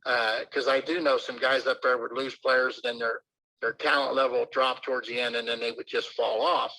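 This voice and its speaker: An older man, a baseball manager, telling rambling anecdotes full of fillers in a relaxed interview. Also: medium pitch, moderate pace, vocal fry, rough recording.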